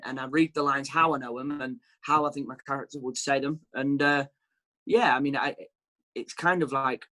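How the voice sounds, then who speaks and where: A young actor with a Northern English accent chats loosely in an interview. He rambles along, quoting his own thoughts in little asides. His voice sits at a medium pitch. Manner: relaxed, rambling, quotes himself in little asides. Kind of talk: casual interview chat.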